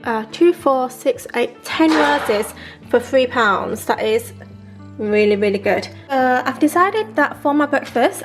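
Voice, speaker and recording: A woman's voice: a little high, a little slow, soft background music. A woman cooking in her home kitchen, chatting casually to the camera as she goes. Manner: chatty, relaxed, often says um and like. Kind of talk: casual chat.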